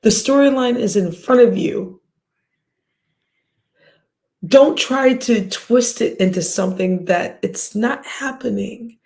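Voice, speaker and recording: A woman's voice: on the high side, gravelly, a little mellow. A woman hosting a livestream, ranting bluntly and profanely at her viewers with scoffs and sighs. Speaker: livestream host.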